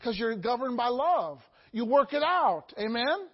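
High-voiced preacher asking "Amen?". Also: male voice, sing-song, unhurried, slightly rough, dull audio. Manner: call-and-response preaching, asking "Amen?" often; swings between quiet asides and loud, high exclamations. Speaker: pastor. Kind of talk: sermon.

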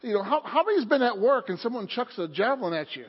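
An extremely high-pitched, slightly rough male voice rushes along in a sing-song cadence as a pastor preaches with fervor, asking for amens. The recording, made in a church sanctuary, is echoey, dull, and lo-fi.

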